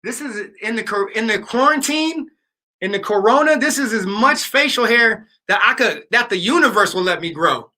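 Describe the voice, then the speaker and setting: A man in his late thirties hosting a casual livestream. His voice sits high and sounds very bright and forceful. He talks loosely with lots of fillers and slang, as if answering viewers' comments. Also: animated, moderate pace. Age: 30s. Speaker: livestream host.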